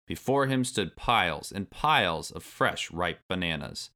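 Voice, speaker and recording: Deep bright-toned guy reading a kids storybook, lively up and down. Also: unhurried. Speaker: narrator. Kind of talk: storybook read-aloud.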